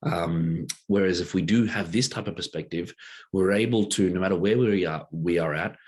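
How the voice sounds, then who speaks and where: A man's voice: sits low, moderate pace, a little mellow, husky. A man giving a casual teaching talk as a workshop presenter, loose and conversational, with many rhetorical checks, drawing a diagram as he explains.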